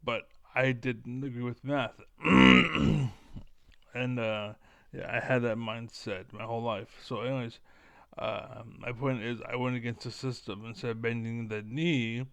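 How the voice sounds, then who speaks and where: A self-assured man rambles bluntly to his audience, circling back and restating his points. His voice is smooth and clean. The sound is dry and close, with no room around it. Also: medium pitch, steady tone, moderate pace, a bit bright, no echo. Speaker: online commentator. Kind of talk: casual monologue to camera.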